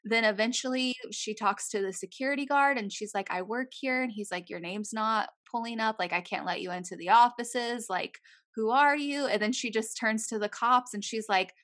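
A young woman in casual chat, retelling a true-crime story with animated voices for the people in it and frequent swearing. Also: fairly high pitch, normal speed.

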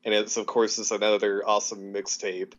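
A man's voice: on the low side, little pitch movement, brisk, a bit bright, muffled recording. A man co-hosting a podcast in casual chat, talking enthusiastically and rambling with many fillers. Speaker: podcast co-host.

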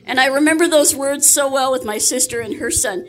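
A woman's voice: high-pitched, brisk, fairly bright tone. A woman hosting a casual storytelling session, chatty and laughing often. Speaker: host.

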